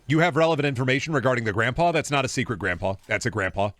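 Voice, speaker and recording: A man's voice: mid-range voice, expressive, rapid-fire, fairly bright tone, no echo. A young man with a Midwestern American accent, streaming a game and chatting casually with his chat in a rambling way. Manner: rambling, reading and answering chat.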